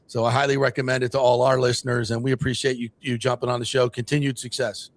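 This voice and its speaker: A man's voice: medium pitch, little pitch movement, fast. A man hosting a sports talk show, chatting casually and rambling with frequent fillers. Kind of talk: casual sports radio chat.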